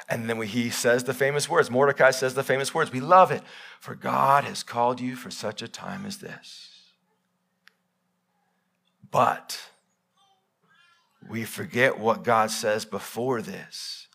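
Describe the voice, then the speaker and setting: Male pastor, live sermon, bright tense tone, dramatic loud-to-quiet swings. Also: a little slow, creaky, pauses often, breathy edge. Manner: swings between loud emphatic peaks and quiet low passages; voices God and Bible figures in quoted speech. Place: church.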